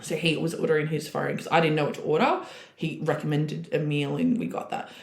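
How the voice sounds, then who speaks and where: A woman's voice: low voice, little pitch movement, fairly quick, vocal fry. Chatty young woman, roomy sound. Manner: chatty, candid, laughs through stories. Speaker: podcast guest. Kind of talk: casual chat. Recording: roomy echoey recording.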